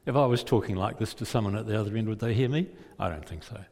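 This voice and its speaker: A man's voice: on the low side, fast, creaky, darkish tone. A male preacher telling a gospel story vividly and putting rhetorical questions to his listeners. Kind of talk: sermon storytelling. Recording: long hall reverb.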